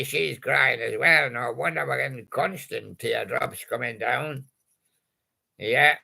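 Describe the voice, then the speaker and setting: A man's voice: medium pitch, slow pace, vocal fry, sharp tone. A male host making playful, punning patter about old song titles and chuckling at his own jokes.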